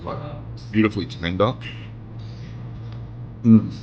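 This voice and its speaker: A man's voice: on the low side, takes it slowly, dull audio, slight background noise. A man reviewing food at a restaurant table, speaking casually and humming as he savors each bite, recorded on a camera set on the table. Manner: relaxed, savoring each bite with frequent hums. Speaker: food vlogger. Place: indoor restaurant. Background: faint background music.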